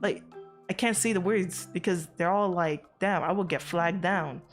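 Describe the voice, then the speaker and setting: A woman streaming and chatting loosely to her chat in a low-pitched voice, piling up fillers and curse words as she rambles. She is from outside America. Soft music plays faintly behind her. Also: moderate pace. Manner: rambling, animated, frequent swearing and fillers. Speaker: VTuber streamer.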